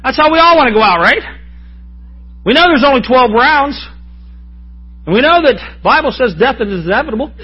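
Man, preacher, sermon, breathy voice, folksy jokes, asks for amens, muffled lo-fi recording. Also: extremely high pitch, lively intonation, a little fast, pauses often.

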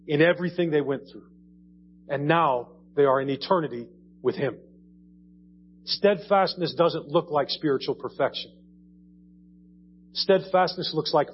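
A man preaching a sermon in a conversational way, repeating phrases and rising in emphasis. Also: on the high side. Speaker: pastor. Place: church. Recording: dull audio with faint hum.

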